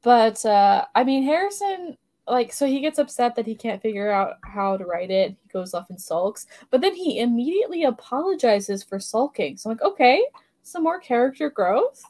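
A woman's voice: fairly high pitch, animated, moderate pace, dark tone. Woman cohost recapping a cartoon, sarcastic, laughs a lot, casual chat. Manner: giggly, sarcastic commentary. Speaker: podcast co-host.

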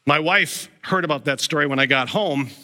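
Speaking at a normal pace in a fairly high voice, this pastor delivers a sermon built on stories. He's animated throughout, performing the voices of the characters in the scenes he recounts.

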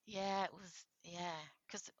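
A woman telling her own story in a candid, animated interview, often laughing and acting out what others said. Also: on the low side, slow pace, no echo, dull audio. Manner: animated, acts out quoted voices, laughs often. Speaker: interview guest sharing her transplant story.

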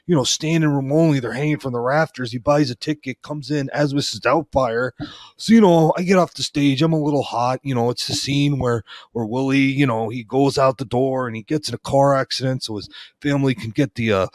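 A man's voice: medium pitch, no room sound, studio quality. A man telling long rambling comedic stories about his career, full of fillers and restarts. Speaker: former wrestling referee telling stories.

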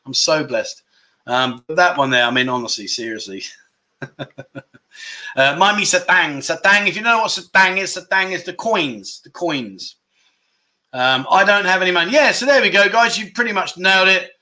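A man hosts a relaxed live chat, reading out comments and breaking into frequent laughs. His voice sits a little high and sounds bright and forward. He slows right down when he teaches a foreign word. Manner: chuckling often, teaching Thai words slowly. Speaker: livestream host.

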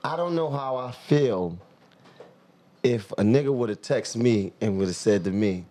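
A man's voice: mid-range voice, lively intonation, mellow. Joking New man hosting. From Brooklyn, New York. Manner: joking, quick interjections. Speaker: host. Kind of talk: casual podcast chat.

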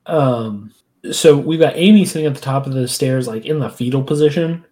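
A podcast co-host in casual chat, animated and laughing, acting out quoted lines with big jumps in pitch. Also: moderate pace.

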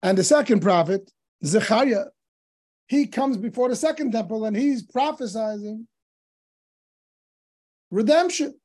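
A man, a rabbi teaching a Talmud class, telling stories in an animated way and acting out the dialogue of the sages. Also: sits high, unhurried, long pauses. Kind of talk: Torah class storytelling.

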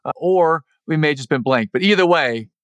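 A man hosting a podcast, giving measured, reflective coaching advice in an earnest tone. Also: a little high, expressive, fairly bright tone, no room sound. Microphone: podcast microphone over the internet.

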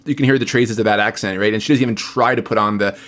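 A man talks over old films in a relaxed podcast chat. He gets animated as he goes and often trails off with a "like" or "you know". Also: on the low side, fast talker. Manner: chatty, animated, trails off with fillers. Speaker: podcast co-host. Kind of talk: casual film discussion.

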